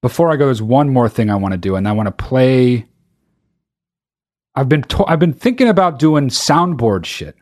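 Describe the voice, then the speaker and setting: A man's voice: medium pitch, lively intonation, darkish tone. A man hosting a solo podcast, rambling in casual talk and swearing freely. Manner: rapid, profane, rambling. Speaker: podcast host.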